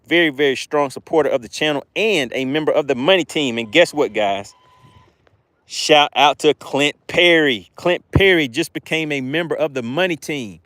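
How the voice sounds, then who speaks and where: A man's voice: on the high side, moderate pace, a bit bright, dry recording. A man with a Southern accent hosting a fishing livestream, chatting upbeat with viewers and reading out their comments. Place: outdoors fishing.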